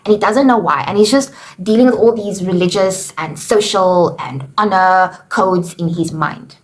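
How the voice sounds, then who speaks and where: In a casual class, a female teacher goes over a play with her students at a moderate pace and a medium pitch. She's talkative, retelling the characters' lines in her own words and leaning heavily on fillers like "you know" and "okay."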